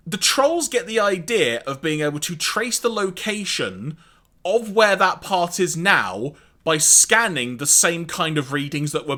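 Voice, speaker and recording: A man co-hosting a podcast, recapping an episode in a casual, animated way with wry asides and laughs. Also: a little high. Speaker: podcast co-host.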